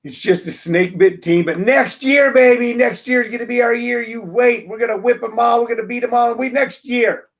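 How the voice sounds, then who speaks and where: A man hosting his own show, talking through a casual monologue in an animated, emphatic way, ranting with playful jabs. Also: very high-pitched, fairly quick, hardly any pauses. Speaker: show host.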